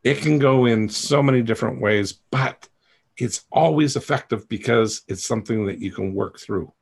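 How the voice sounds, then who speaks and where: Male coach-host, gravelly and husky, candid and rambling, self-mocking. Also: mid-range voice, moderate pace. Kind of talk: coaching talk to a group.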